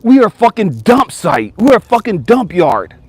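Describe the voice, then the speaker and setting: A man's voice: high-pitched, big pitch swings, normal speed, breathy edge, no echo. A man coaching viewers in a blunt, profane motivational rant, now and then mimicking whiny complainers. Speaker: life coach.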